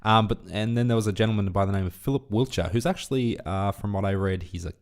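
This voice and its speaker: A man's voice: fairly low pitch, fast. A young Australian man co-hosting a podcast, telling stories in a laid-back, dry way. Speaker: podcast co-host. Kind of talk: casual chat.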